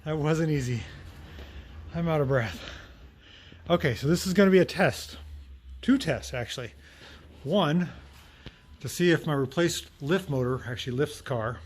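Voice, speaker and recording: In a relaxed shop vlog, a middle-aged mechanic from the United States talks viewers through his repair work step by step, keeping things friendly. His voice runs a little high with a breathy edge, and he speaks at a moderate pace.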